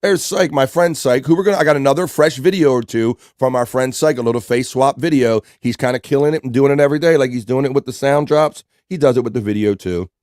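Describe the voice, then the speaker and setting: A man's voice: mid-range voice, fast, hardly any pauses, a little mellow, dry recording, studio quality. A man with an American accent hosting a live stream show, casually reading out chat messages and greeting viewers. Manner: laid-back, reads chat messages aloud. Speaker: livestream host.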